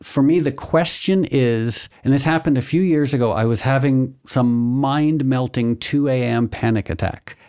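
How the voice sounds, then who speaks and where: A man hosting a podcast, calmly explaining things step by step in casual chat. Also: mid-range voice, smooth. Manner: calm, explanatory, walks through steps slowly. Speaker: podcast host.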